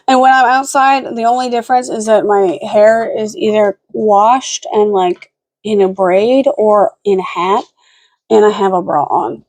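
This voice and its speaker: A woman's voice: mid-range voice, unhurried, a little mellow. A young woman rambling casually in a late-night home vlog, frazzled and chatty, cooing baby talk at her dogs in between. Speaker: vlogger.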